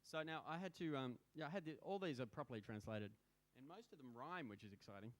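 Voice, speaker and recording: A man's voice: medium pitch, lively intonation, quick pace. Playful man chatting on stage. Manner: playful, chatty, self-mocking. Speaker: musician performing live. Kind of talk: stage banter between songs. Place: small lounge music venue, indoors, live audience.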